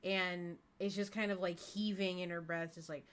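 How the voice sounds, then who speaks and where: A woman playing a tabletop game, describing her character's moves in a thoughtful, hesitant way. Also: fairly low pitch. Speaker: player.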